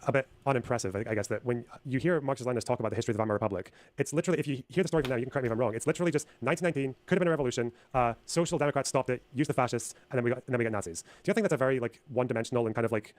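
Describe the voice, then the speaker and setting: Fast, swearing, argumentative male streamer. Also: mid-range voice. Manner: argumentative, swears often, presses with repeated questions. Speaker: streamer host. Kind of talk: heated debate on a live stream.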